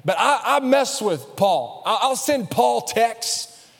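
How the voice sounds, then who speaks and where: High-voiced preacher in a reverberant hall. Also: male voice, slow pace, vocal fry. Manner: storytelling, joking, animated with acted-out quotes. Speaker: pastor. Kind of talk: sermon. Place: church sanctuary.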